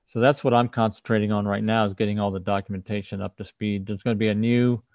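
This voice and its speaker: A man's voice: fairly low pitch, level tone, fast talker, a little mellow, dry recording. A man hosting a casual livestream tech talk over a video call, explaining things and often restarting his sentences. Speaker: host, firmware developer.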